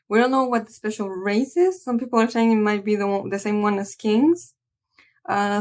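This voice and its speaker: A woman reading a comic aloud and chatting about it, with frequent restarts and trailing asides. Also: mid-range voice. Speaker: manga reaction creator. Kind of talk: reading a comic aloud with casual reaction commentary.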